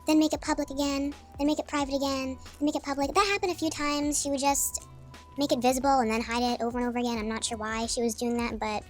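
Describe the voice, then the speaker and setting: A young woman with a high, light voice tells a storytime vlog in a chatty, exasperated way. She drops sassy asides as she goes. Soft background music plays quietly under her voice. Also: steady tone, fast. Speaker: vlogger.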